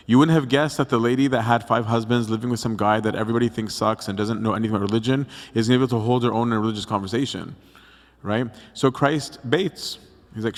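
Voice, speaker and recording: Man, young adult priest, mid pitch, chatty youth talk, acts out quotes, long hall reverb. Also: fairly even intonation, a little fast. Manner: conversational, acts out quotes, frequent "right?". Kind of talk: casual youth talk on scripture. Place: church hall.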